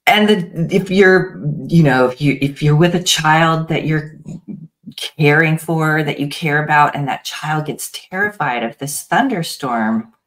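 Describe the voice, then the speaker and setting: A woman guest, a practitioner of parts therapy, explaining her approach gently with frequent pauses and restarts in an interview. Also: sits low.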